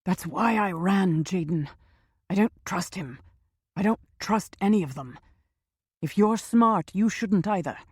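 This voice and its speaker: A woman's voice: on the low side, measured pace, darkish tone, breathy edge, no echo, clean studio sound. A woman voicing a nervous, out-of-breath stocky older man on the run in an audiobook thriller. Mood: anxious. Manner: nervous, pleading, insistent.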